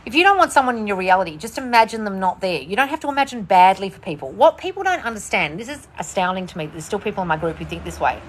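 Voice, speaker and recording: On a casual livestream from outdoors, a woman manifestation coach responds to viewer questions bluntly and with plenty of swearing. She talks fast with few pauses and big pitch swings, shifting between shrill bursts and low mutters, with slight background noise audible.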